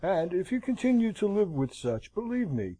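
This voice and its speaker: A man voicing a stern, blunt middle-aged army colonel in an audiobook, speaking curtly and gravely. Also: sits high, sing-song, moderate pace, dark tone, pitched above the performer's own voice. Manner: curt, grave, frank.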